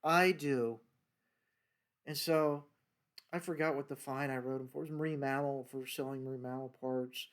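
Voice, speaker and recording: A man's voice: medium pitch, little pitch movement, fairly quick. An older American man, a former federal wildlife agent, casually telling rambling stories from his career and acting out the dialogue. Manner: rambling, acts out dialogue in quoted voices. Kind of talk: casual storytelling monologue.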